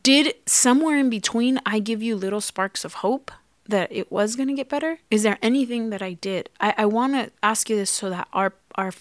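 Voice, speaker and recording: A woman's voice: on the high side, normal speed, no echo. Heartfelt woman confessing on a podcast. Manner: heartfelt, confessional, acts out quotes. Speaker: podcast co-host. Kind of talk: casual chat.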